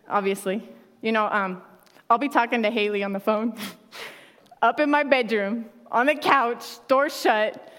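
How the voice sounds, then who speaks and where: High-voiced woman pastor in a reverberant hall. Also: clear, resonant tone. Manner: conversational, laughs often, acts out quotes. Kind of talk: sermon.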